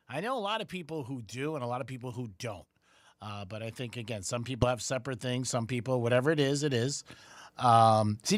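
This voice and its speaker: A man's voice: medium pitch, no room sound, studio quality. A man co-hosting a radio show, telling stories with lots of laughter and acting out the people he quotes. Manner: animated storyteller, laughs often, acts out quotes. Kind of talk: casual radio banter. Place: radio studio. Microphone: studio microphone.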